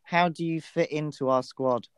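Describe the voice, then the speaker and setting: A man's voice: fairly high pitch, fairly even intonation, moderate pace, smooth, no echo. A young man co-hosting a casual podcast and asking the questions, dry and matter-of-fact.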